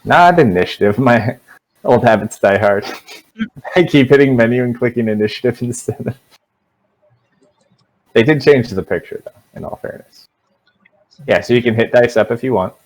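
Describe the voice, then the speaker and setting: A man running a tabletop game as dungeon master, narrating in a relaxed, rambling way. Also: mid-range voice, normal speed, long pauses, poor audio.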